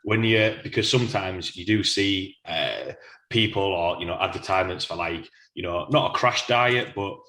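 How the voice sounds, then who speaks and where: Brief: male podcast host, low voice, relaxed and agreeable. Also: normal speed. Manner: easygoing, agreeable, loose phrasing. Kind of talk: casual interview talk.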